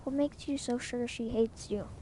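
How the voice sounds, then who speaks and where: A woman reading the lines of a caring, gently nagging mother on the phone, in her own everyday voice. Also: fairly high pitch, normal speed, a little hiss or hum, close to an everyday voice. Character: caring, prodding middle-aged mother on the phone. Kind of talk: reading game dialogue aloud.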